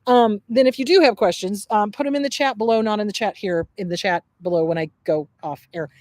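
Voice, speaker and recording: A woman's voice: medium pitch, a little fast, darkish tone, dry recording, rough recording. A middle-aged woman therapist hosting a casual livestream outdoors, talking in a blunt, jokey and emphatic way. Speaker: therapist and show host. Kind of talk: casual livestream advice talk. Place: outdoors at a table.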